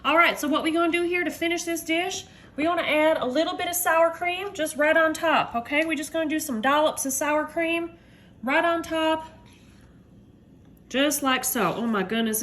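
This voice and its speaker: A woman's voice: high-pitched, moderate pace, fairly bright tone. A mother and home cook chatting casually to viewers while she makes a dinner, upbeat and talkative, calling them y'all. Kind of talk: casual cooking video chat.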